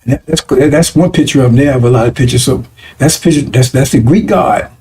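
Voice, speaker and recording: Conversational preacher man, mellow voice. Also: medium pitch, a little fast, slight background noise. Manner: conversational, repeats 'right?' and 'see?' to check listeners. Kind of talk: broadcast sermon teaching.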